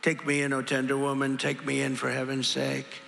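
A man's voice: medium pitch, monotone, moderate pace, creaky, fairly bright tone, slight background noise. An older man reciting a sly vicious snake. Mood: pleading. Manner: sing-song recited verse, sneering. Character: sly vicious male snake, cold and mocking. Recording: big reverberant hall, cheering crowd.

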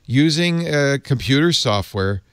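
A man hosting a casual tech panel chat, animated and laughing often as he talks. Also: mid-range voice, a little slow, smooth, dry recording, clean studio sound. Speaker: host.

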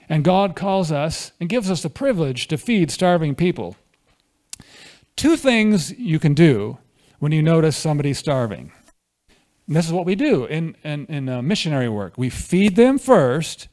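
A man's voice: fairly high pitch, darkish tone. A man preaching a conversational sermon at a church fellowship, often asking the congregation questions.

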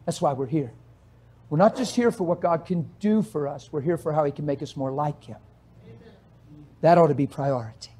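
A male pastor delivering a fiery sermon in a high-pitched voice. He swings between quiet, pointed talk and bursts of shouting. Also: normal speed, pauses often, breathy edge.

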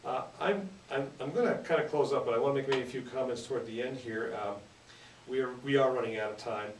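A man's voice: mid-range voice, fast. A man hosting a local public radio show, talking with many fillers and restarts. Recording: roomy, distant mic with noticeable hiss.

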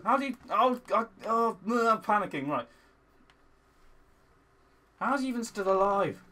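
A young man hosting a gaming video, excitable, swinging from frustrated muttering to loud shouting at the game. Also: sits high, unhurried, pauses often. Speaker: gaming channel host. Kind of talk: let's play commentary.

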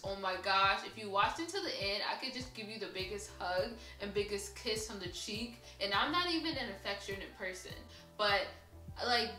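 A woman's voice: medium pitch, bright, forceful tone, poor audio. A woman in her twenties chatting casually at home while getting ready, upbeat and laughing often. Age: 20s. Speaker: YouTube vlogger. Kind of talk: casual get-ready-with-me chat.

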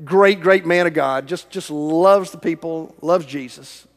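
A middle-aged man preaching a sermon in a church with a long reverb tail. His voice sits fairly high for a man, and his storytelling swings from full volume down to near whispers. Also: measured pace. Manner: dramatic storytelling that swings from loud to hushed, almost whispered. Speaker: evangelist preaching. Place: large church sanctuary.

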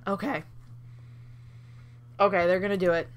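A young woman hosting a Let's Play, reacting with excited laughs and swearing as she plays. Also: medium pitch, moderate pace, lo-fi sound. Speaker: gaming channel host.

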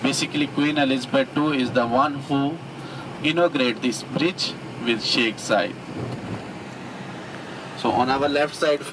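Tour guide man over clear vehicle noise. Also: mid-range voice, unhurried, long pauses. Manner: explanatory, plain, non-native phrasing.

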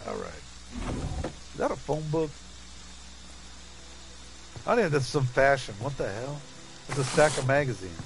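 A man's voice: mid-range voice, big pitch swings, measured pace, vocal fry, long pauses, noisy background. A middle-aged man chatting casually over his gameplay, laughing often and talking to his chat and teammates. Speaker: gaming streamer.

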